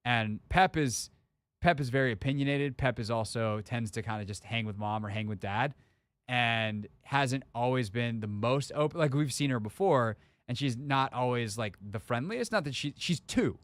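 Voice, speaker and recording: A man's voice: medium pitch, normal speed, dry recording. A man hosting a sports radio talk show, chatting casually and joking about impressions. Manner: chatty, lively, jokey, trying out impressions. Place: radio studio. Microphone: studio microphone.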